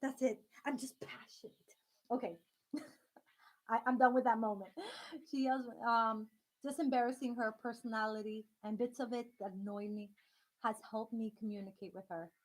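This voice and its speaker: A woman's voice: fairly high pitch, steady tone, moderate pace. A woman hosting a casual live stream from home, chatting directly with her viewers and laughing often.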